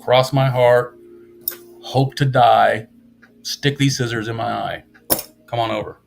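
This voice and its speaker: A man's voice: medium pitch, steady tone, takes it slowly, creaky, slight background noise. A man chatting casually on a live stream in a rambling, sarcastic and self-mocking way.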